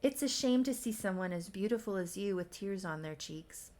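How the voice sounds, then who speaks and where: Woman doing a smooth masked charmer. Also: mid-range voice, expressive, moderate pace, a little mellow, close to an everyday voice. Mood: charming.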